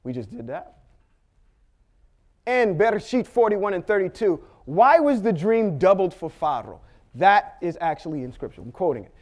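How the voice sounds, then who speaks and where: A man's voice: high voice, very animated, normal speed, a little mellow. A man giving a Torah study lesson, walking through Hebrew letters and vowels patiently, checking in with "okay?" and tossing in small jokes. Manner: patient, step-by-step explaining with frequent "okay?" checks. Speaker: Bible teacher.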